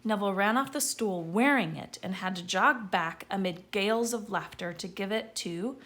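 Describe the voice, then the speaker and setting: A woman's voice: medium pitch, normal speed. A woman reading a children's story aloud, calling out names with gusto. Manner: lively, calling out names loudly. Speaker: audiobook reader.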